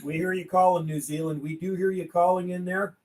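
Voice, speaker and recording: A man running a CB radio livestream, calling out call signs in a steady rhythm between casual chat. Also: high voice, fairly quick, low-quality recording. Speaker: CB radio operator and livestream host. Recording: radio static and hiss in the background.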